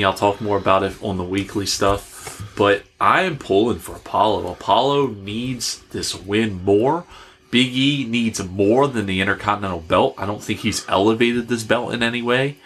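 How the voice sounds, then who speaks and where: A man's voice: lowish voice, a bit bright, slight background noise. A man co-hosting a casual wrestling podcast, enthusiastic and casual, calling people bro and dude. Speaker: podcast co-host.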